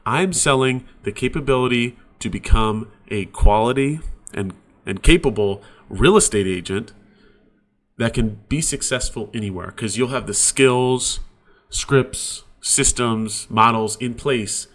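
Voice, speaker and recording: A man's voice: medium pitch, unhurried, fairly bright tone. A man coaching real estate agents in a casual, conversational sales training talk. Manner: casual, conversational, uses sports examples.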